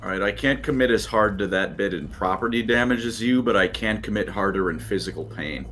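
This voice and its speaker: Dry sarcastic guy telling stories on stream, lowish voice, faint hiss. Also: brisk, fairly bright tone. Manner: wry, sardonic, storytelling. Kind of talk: casual chat.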